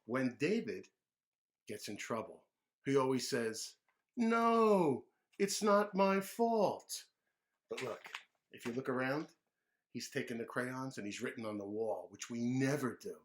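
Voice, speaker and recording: A man reading a picture book aloud to children, gently pausing to ask them questions. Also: medium pitch. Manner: gentle, asks kids questions. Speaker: children's storyteller.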